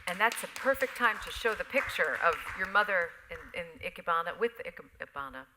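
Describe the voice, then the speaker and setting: A woman moderating a live on-stage interview in a theater, measured as she introduces topics. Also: lowish voice, expressive, noisy background. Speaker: event moderator.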